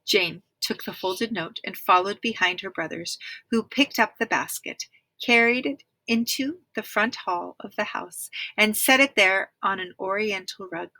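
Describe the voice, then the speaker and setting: A woman reading a children's book aloud with clear, expressive storytelling, now and then speaking to listeners. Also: medium pitch, measured pace, no room sound, low-quality recording. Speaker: reader.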